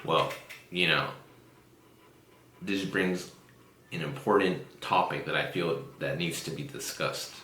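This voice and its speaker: A man's voice: a bass voice, slow pace, pauses often, sharp tone, slight background noise. A man hosting a casual podcast chat, swearing freely and laughing often as he tells stories. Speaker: podcast host. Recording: roomy echo.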